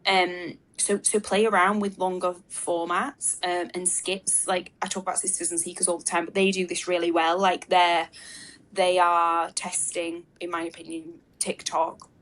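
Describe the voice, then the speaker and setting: A woman with a fairly low voice gives advice as an interview guest on a webinar. She thinks out loud, leaning on "like" and "um" and restarting her sentences as she goes. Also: flat delivery, moderate pace. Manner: thinks aloud with frequent fillers and restarts. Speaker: marketing expert guest. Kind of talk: casual interview answers. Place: video call webinar.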